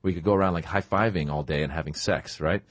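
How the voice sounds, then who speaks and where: A middle-aged man, a comedian, telling a casual anecdote as a guest and acting out his own past thoughts in lively quotes. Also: sits low, fast talker, no room sound, studio quality.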